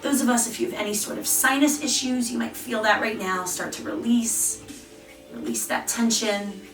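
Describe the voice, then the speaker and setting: A woman leading a guided face and jaw exercise class, giving slow, encouraging cues. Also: fairly high pitch, fairly even intonation, fairly bright tone, distant mic. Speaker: fitness instructor. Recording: roomy, off-mic with faint music.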